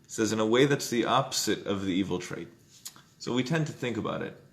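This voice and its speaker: A man leads an informal Jewish text study class in a conversational way, frequently checking in with "right?" and loudly acting out inner voices. His voice is fairly low, animated, and a little fast.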